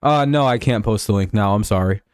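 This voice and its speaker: A man's voice: on the low side, fairly quick, smooth, dry recording, clean studio sound. A man streaming live, talking football in a rambling, profane way with lots of fillers and restarts. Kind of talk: casual live-stream sports chat.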